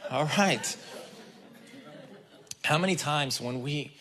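A man's voice: a little high, slow pace, long pauses, fairly bright tone. A man preaching a conversational sermon, talking straight to the congregation and acting out the people in the story. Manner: casual and chatty, addresses the congregation directly. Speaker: guest preacher.

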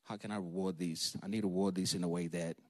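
A man's voice: low-pitched, steady tone, fast talker, no room sound, clean studio sound. A man giving an informal Bible teaching, talking conversationally and retelling scenes in casual slang. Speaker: preacher.

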